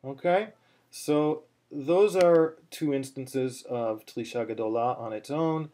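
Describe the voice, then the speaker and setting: Slow, patient man teaching a chant. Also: mid-range voice, dark tone. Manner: patient, plain explaining with many fillers and restarts, breaking into chant. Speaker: cantillation teacher. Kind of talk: online chanting lesson.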